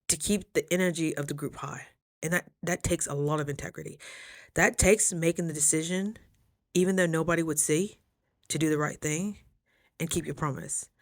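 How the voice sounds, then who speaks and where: A young woman talking casually in a motivational vlog, chatty and animated, jumping high when she quotes people. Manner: chews while talking at times. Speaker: vlogger.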